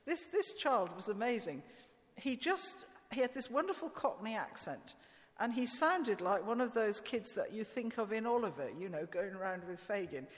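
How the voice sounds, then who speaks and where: A woman's voice: a little high, lively intonation, normal speed. A woman giving an informal, conversational sermon with asides and fillers. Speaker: preacher. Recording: long church reverb.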